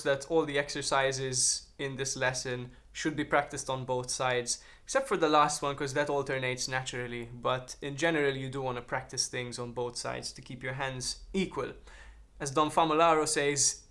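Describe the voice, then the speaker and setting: A man's voice: medium pitch, a bit bright. A man teaching a drum lesson on a practice pad, explaining technique and counting beats aloud.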